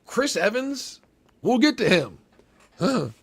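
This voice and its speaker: A man hosting a casual trailer reaction, talking in a rambling, profane, excitable way with lots of restarts. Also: high-pitched, slow pace, husky. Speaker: movie reaction host.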